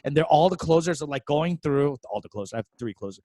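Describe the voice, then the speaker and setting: A man's voice: on the high side, lively intonation, quick pace, warm tone, no room sound. A young man co-hosting a comedy podcast, telling a story in casual chat, laughing often and acting out quotes in exaggerated voices.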